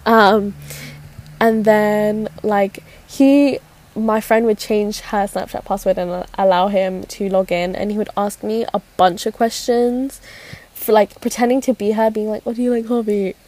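A woman's voice: mid-range voice, fairly even intonation, unhurried, darkish tone. A young woman telling a personal story in casual chat, giggly and rambling with many fillers and restarts. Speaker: podcast host.

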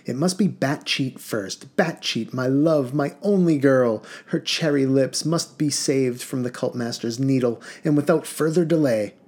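A man's voice: mid-range voice, a little slow, hardly any pauses, a little mellow, natural voice. A man voicing a stubborn, lovesick young prince who speaks in pompous, pleading outbursts in an audiobook reading. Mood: indignant.

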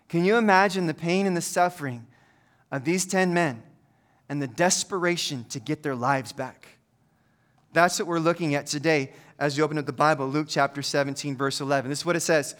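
A man's voice: fairly high pitch, a little fast, fairly bright tone. A middle-aged male pastor giving a conversational, humorous sermon full of stories. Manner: conversational, humorous storytelling preacher.

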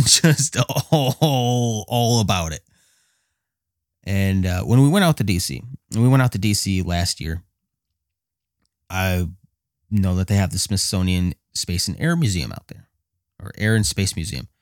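Man, deep voice, excitable, casual storytelling, laughs a lot, dry close sound. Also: a little slow, long pauses, dry recording. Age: adult with a child. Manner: excitable, laughs often, mimics his own voice in quotes.

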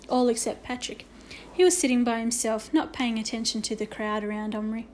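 Storybook reader: woman, fairly high voice, expressive delivery with occasional slips. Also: a little fast. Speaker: narrator. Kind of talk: storybook reading.

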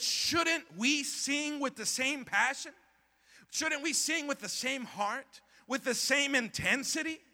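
Bright high-voiced preaching pastor. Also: male voice, in a large hall. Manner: impassioned, repetitive, call-and-response preaching. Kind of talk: sermon. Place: church sanctuary.

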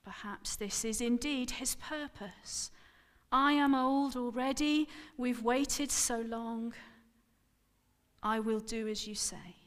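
A woman's voice: a little high, takes it slowly, fairly bright tone, big-room sound. A woman reading the lines of a firm but tender old man in a scripted sermon passage.

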